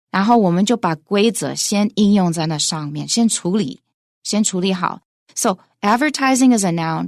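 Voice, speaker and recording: A woman teaching English pronunciation on a radio lesson, explaining clearly and switching between English and Mandarin. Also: mid-range voice, a little mellow, dry recording, studio quality.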